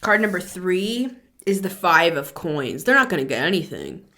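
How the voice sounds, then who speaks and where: A woman's voice: lowish voice, sing-song, normal speed, pushed and bright. A woman giving a casual spoken tarot reading as a channeler, chatty and blunt, with lots of filler words and some swearing.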